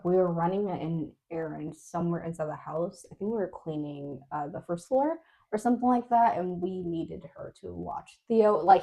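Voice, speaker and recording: A woman co-hosting a podcast, telling a story in casual chat, animated and laughing often. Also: fairly low pitch, vocal fry. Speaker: podcast co-host.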